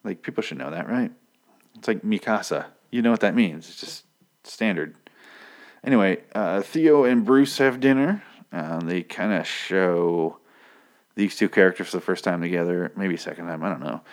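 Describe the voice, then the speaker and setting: A man's voice: low-pitched, moderate pace. A man giving a casual, rambling recap of a TV episode, profane and full of joking asides.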